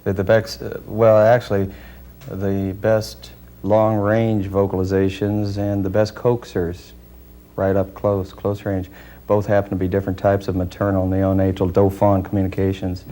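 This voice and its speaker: A man being interviewed as a deer calling expert, explaining in a measured, technical way with frequent pauses and hesitations. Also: low-pitched, monotone, dark tone.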